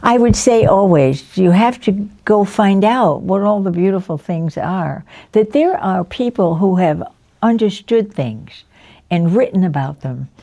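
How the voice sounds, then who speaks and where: A woman in her nineties telling the story of her life in an interview, lively and anecdotal, often chuckling as she recalls people. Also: mid-range voice, measured pace. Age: 90s. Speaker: interviewee, veteran educator.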